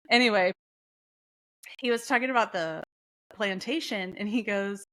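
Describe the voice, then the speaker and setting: Woman podcast co-host, mid pitch, chatty animated retelling. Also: slow, pauses often. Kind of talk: casual podcast chat.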